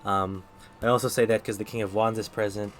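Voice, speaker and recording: A man with a lowish voice gives a relaxed tarot reading on a live stream. He talks loosely and thinks aloud, full of "um" and "like," and now and then greets the chat. A faint hiss of noise sits under the desk-mic sound. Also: brisk. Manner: chatty, thinks aloud with many fillers and restarts.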